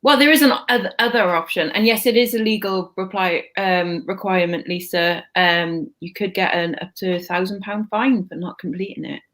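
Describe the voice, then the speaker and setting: A woman's voice: mid-range voice, fairly even intonation, moderate pace, few pauses, fairly bright tone. A woman hosting a casual live stream, chatty and blunt, swearing freely. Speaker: channel host.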